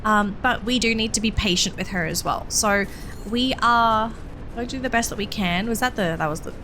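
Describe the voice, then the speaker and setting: A woman's voice: mid-range voice, normal speed, background noise. A woman streamer giving casual, chatty let's-play commentary to her viewers. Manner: chatty, addresses viewers, frequent ums. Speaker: streamer playing a horse game.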